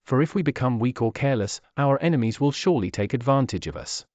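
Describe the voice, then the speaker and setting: A man's voice: medium pitch, animated, quick pace, a little mellow, no room sound, close to an everyday voice. A man voicing Zul'jin, a stern male orc warrior who gives solemn counsel.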